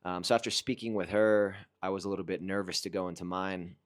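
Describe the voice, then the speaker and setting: Earnest low-voiced man telling his story. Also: steady tone. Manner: earnest and reflective, with halting restarts. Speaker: vlogger recounting a personal experience. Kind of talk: casual personal storytelling.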